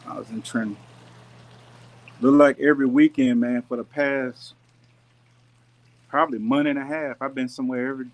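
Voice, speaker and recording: A man hosting a gardening channel, chatting casually and directly with viewers on a live stream in a relaxed, folksy way. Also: medium pitch. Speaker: YouTube gardening channel host. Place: rented house with pool and jacuzzi. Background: pool and jacuzzi noise.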